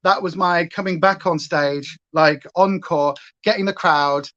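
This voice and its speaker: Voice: mid-range voice, a little slow, fairly bright tone. Northern english streamer chatting away doing makeup, rambly tangents, slightly dull lo-fi sound. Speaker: makeup livestream host. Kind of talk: casual livestream chat while doing makeup.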